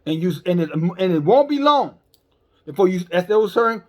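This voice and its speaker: Blunt, emphatic high-voiced male preacher. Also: animated, brisk. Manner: blunt, emphatic, repeats words when stumbling; scolding, calls listeners sisters and brothers. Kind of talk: sermon.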